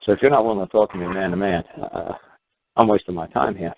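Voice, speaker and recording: An American talk-show host, with a low voice and fast speech, explains his views to a caller in a rambling, emphatic way full of fillers and restarts. The audio sounds like a phone line with faint hiss.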